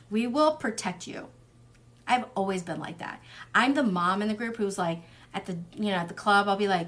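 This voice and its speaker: A woman's voice: medium pitch, brisk, a bit bright. A young woman reading tarot cards in a casual livestream. She talks bluntly, swears freely, drifts into tangents and fills her speech with "like" and "um.". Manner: chatty, wanders off on tangents. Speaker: tarot reader.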